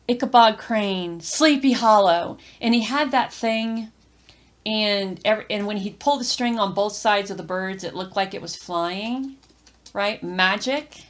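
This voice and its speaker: A woman giving a casual tarot reading, talking straight to the viewer with lots of fillers, restarts and repeated phrases. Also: medium pitch. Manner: rambling, repeats herself, many fillers and restarts; addresses the viewer directly and encouragingly. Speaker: tarot reader.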